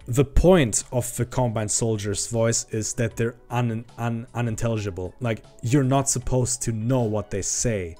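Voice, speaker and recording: Profane ranting man streaming. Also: mid-range voice. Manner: profane, ranting, gets heated and loud. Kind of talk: casual livestream chat. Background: faint background music.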